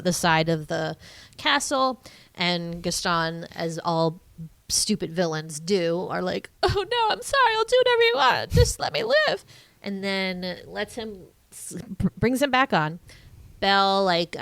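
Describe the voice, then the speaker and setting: A woman's voice: on the low side, creaky, fairly bright tone, no room sound. A woman co-hosting a podcast, recapping a film in casual chat with lots of fillers and sarcastic asides. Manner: chatty and sarcastic, full of fillers. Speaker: podcast co-host.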